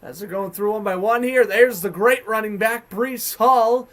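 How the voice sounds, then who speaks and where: Boston guy calling a hockey game for his channel, high voice, chatty and hyped. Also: normal speed. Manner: excited, chatty, self-correcting. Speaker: sports commentator. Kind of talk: fan play-by-play commentary.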